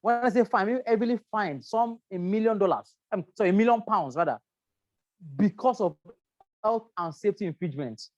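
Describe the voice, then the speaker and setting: A woman's voice: medium pitch, animated, moderate pace, a little mellow, no echo, dull audio. A woman teaching a health and safety class, stressing key words, repeating herself and checking in with "right?". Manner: emphatic, repeats words, asks "right?" often. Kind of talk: lecture to a class.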